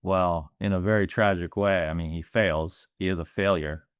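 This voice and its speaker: A man's voice: deep voice, fairly even intonation, moderate pace, smooth. A man co-hosting a movie podcast, talking reflectively and a little hesitantly, filling his thoughts with "like". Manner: reflective, hesitant, many "like" fillers. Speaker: podcast co-host. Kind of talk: casual movie discussion.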